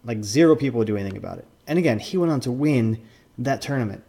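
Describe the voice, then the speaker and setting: A man's voice: medium pitch, expressive, fast, vocal fry, mellow, breathy edge. A man and former card tournament judge giving casual commentary, rambling with lots of fillers and restarts.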